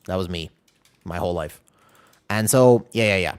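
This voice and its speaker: A man's voice: low-pitched, moderate pace, pauses often, smooth. A man streaming a game, chatting casually and rambling while answering his chat.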